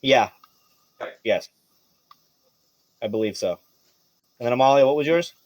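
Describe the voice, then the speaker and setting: A man narrating as game master of a tabletop role-playing game, lively and quick to laugh. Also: mid-range voice, dry recording. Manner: lively, laughs often, jumps into quick character shouts.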